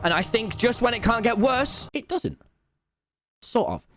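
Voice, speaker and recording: A young man in his late teens with a British accent, telling a rambling, animated story-time tale to his viewers and acting out the quotes. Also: very high-pitched, unhurried, faint music behind. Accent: British English. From Britain. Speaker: YouTuber and streamer.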